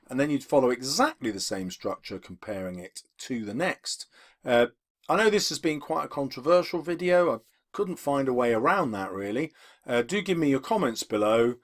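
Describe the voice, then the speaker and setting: A man teaching a literature lesson, explaining poetry for exams in a measured way with occasional fillers. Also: a little high. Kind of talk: exam-focused literature lesson video.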